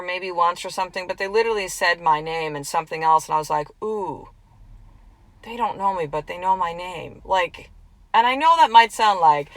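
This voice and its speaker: A middle-aged woman giving an earnest, chatty motivational talk as a podcast host and coach, slowly repeating affirmations. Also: lowish voice, fairly bright tone, no room sound, rough recording.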